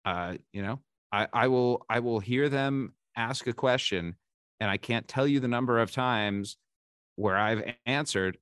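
A man's voice: medium pitch, measured pace, a bit bright, clean tone, no room sound, clean studio sound. A man in his forties, a podcast guest, telling candid, self-deprecating stories and often restarting his sentences. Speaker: podcast guest, baseball insider. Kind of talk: casual interview storytelling.

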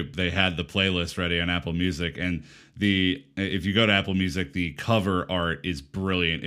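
A man with a very deep voice, co-hosting a relaxed podcast recap. He gushes over what he likes and piles on praise. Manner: enthusiastic, effusive praise. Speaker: podcast co-host.

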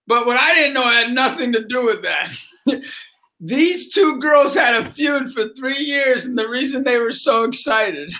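A middle-aged man, a motivational speaker and basketball coach, telling a story with lots of energy and acting out the voices of the people in it. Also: extremely high pitch. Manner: acts out voices in his stories, shouting and laughing. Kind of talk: animated storytelling.

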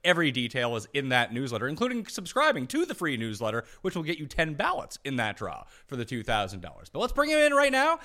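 A man's voice: fairly high pitch, pushed and bright. A man hosting a sports betting podcast in a hyped, promo-style way. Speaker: podcast host.

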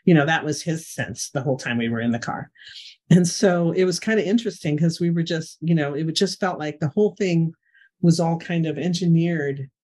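A middle-aged woman, a guest in an interview, telling a personal story in an animated conversational way. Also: low voice, fairly quick. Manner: animated storyteller, frequent "you know" fillers. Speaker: guest, remote viewing expert.

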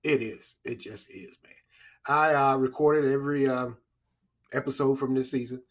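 A man's voice: mid-range voice, steady tone, normal speed. A man hosting a casual solo podcast, rambling and repeating himself with chuckling asides. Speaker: podcast host.

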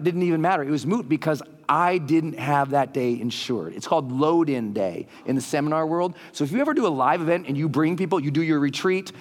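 Man, stage speaker, fairly high voice, animated storytelling, reverberant hall. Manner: animated storytelling, acting out quotes in a higher voice. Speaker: motivational speaker. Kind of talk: live stage talk to an audience. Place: large hall with a live audience.

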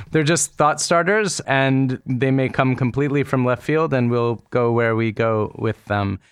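A male podcast host asks questions in a measured, articulate manner. His voice is smooth and clear, recorded dry and close to the mic. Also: medium pitch, dry recording. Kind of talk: interview conversation.

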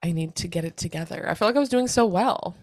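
A woman co-hosting a podcast, chatting casually and telling an animated story with plenty of swearing. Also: lowish voice, quick pace, no room sound, studio quality. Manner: acts out others' lines in quoted voices. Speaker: podcast co-host. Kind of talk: casual chat.

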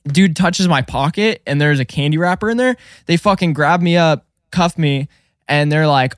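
A young man telling stories on a casual podcast, swearing freely and animated as he talks. His voice sits a little high for a man, and the sound is dry and close. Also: moderate pace, no room sound. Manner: profane, animated storytelling. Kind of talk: casual storytelling chat.

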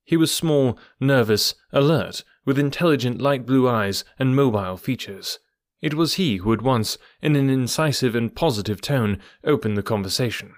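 A man's voice: mid-range voice, normal speed, no room sound. Man narrating an audiobook, dry and close. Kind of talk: scripted narration.

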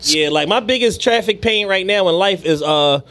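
A man, co-hosting a podcast, chatting casually with quick jokes and laughs. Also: sits high, a bit bright. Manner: laughing, quick reactions and joking asides. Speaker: podcast co-host. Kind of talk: casual chat.

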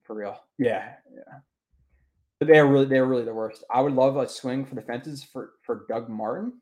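A young man hosts a relaxed sports show in a mid-pitched voice. He talks loosely and swears freely, circling back and restarting his sentences as he reacts to chat. His voice sits right in the middle of the male range. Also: moderate pace. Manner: loose, profane, rambling with restarts. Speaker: podcast host. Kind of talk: casual sports podcast chat, reading chat comments.

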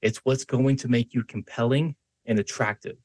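Husky-voiced man giving a casual voice lesson. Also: medium pitch, steady tone, normal speed, darkish tone, no echo. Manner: conversational, varies his tone to demonstrate, frequent restarts and "right?" checks. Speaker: podcast host. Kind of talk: instructional talk on voice and persuasion.

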